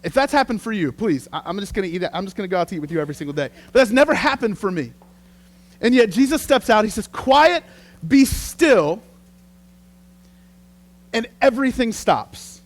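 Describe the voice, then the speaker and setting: A man preaching a sermon as pastor, telling the story in a lively, conversational way. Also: high voice, quick pace.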